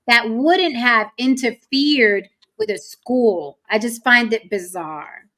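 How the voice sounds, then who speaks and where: Emphatic woman host, higher voice. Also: slow, pushed and bright. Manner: emphatic, repeats points for stress. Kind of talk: casual panel discussion.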